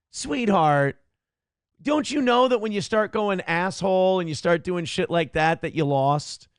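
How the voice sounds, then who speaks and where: A man's voice: sits high, a bit bright, no room sound, studio quality. A man in his thirties hosting a live stream from home, reading chat aloud and mocking a commenter in profane banter.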